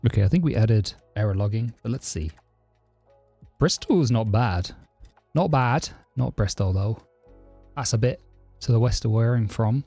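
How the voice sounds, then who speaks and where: On a casual live stream, a southeast London programmer answers chat questions and gives subscribers a warm thank-you. His mid-range, husky voice has lively intonation at a normal speed, and his southern English accent is close to RP but less posh. The audio is dry, with faint music behind him.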